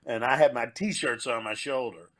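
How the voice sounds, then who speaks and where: A man hosting a podcast, telling a comedy-club anecdote in casual chat with quick asides. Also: mid-range voice, bright, forceful tone.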